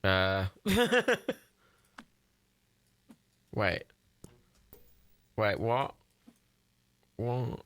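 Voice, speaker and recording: A man's voice: medium pitch, huge pitch swings, very slow, long pauses, a bit bright, clear, resonant tone, no room sound. A young man chatting casually while playing a building game, often confused, laughing and swearing. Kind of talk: casual gameplay chat.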